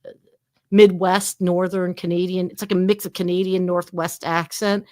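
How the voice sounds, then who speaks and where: A woman co-hosting a casual podcast, talking in a chatty, animated way with lots of fillers. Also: lowish voice, moderate pace, no room sound, studio quality. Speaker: podcast co-host. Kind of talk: casual chat.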